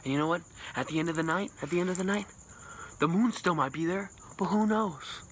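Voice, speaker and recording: A man rambling as a boastful mock self-help guru, jumping between loud bursts and hushed whispers with a self-described put-on accent and lisp. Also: a little fast, a little hiss or hum. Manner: rambling, boastful, absurd know-it-all; sudden pitch jumps and dropped whispers. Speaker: comedic vlogger.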